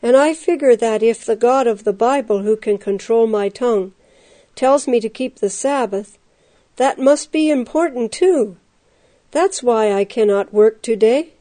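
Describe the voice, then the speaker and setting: A woman voicing a soft-spoken male prisoner who answers quietly and earnestly. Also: on the high side, unhurried, close to an everyday voice. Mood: calm.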